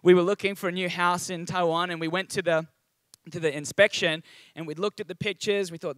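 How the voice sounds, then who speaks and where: A man's voice: sits high, steady tone, brisk, fairly bright tone, dry recording. A young Australian man giving a chatty, upbeat sermon at a church service. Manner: chatty and upbeat, with frequent ums and asides. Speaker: guest preacher.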